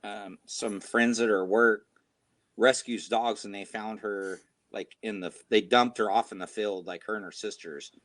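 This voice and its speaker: A man's voice: fairly low pitch, unhurried, no echo. Laid-back man telling stories. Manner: relaxed storyteller, laughs at his own stories. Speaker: co-host. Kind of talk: casual chat.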